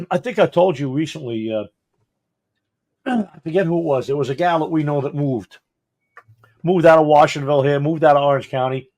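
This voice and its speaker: A man's voice: a little high, a little fast, pauses often, a little mellow. A man, a fire chief co-hosting a podcast, chatting casually and rambling through stories while acting out what people said. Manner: rambling storyteller who acts out quotes. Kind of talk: casual chat.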